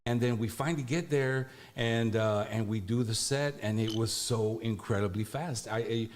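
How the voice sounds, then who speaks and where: A man being interviewed as a musician guest, talking in a relaxed, rambling way with many fillers. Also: mid-range voice, moderate pace, slight background noise. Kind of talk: casual interview.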